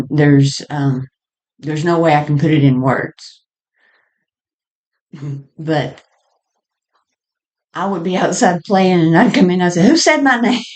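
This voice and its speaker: A woman's voice: on the low side, a little mellow, rough recording. A woman telling a personal story in a casual, meandering way, often laughing between her sentences. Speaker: vlogger.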